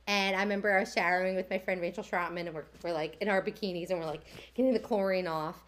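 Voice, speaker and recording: A young woman chatting on a podcast, telling a story with lots of fillers and animated quoted voices. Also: fairly low pitch, quick pace. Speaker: podcast co-host. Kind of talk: casual chat, storytelling.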